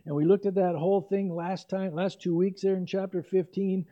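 A man's voice: high-pitched, steady tone, moderate pace, hardly any pauses. An older man preaching an expository sermon as pastor, in a conversational way with asides and self-corrections. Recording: dull lo-fi recording.

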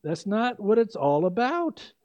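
An older man preaching a sermon with animated emphasis and quick asides. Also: high-pitched, dry recording. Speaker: pastor. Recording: dry, slightly dull lo-fi recording.

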